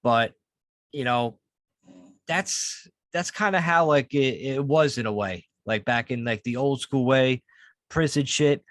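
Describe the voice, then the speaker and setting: A man co-hosting a podcast, talking in casual chat and telling stories with heavy swearing and animated energy. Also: mid-range voice, unhurried, no echo. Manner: profane, animated storytelling. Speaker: podcast co-host.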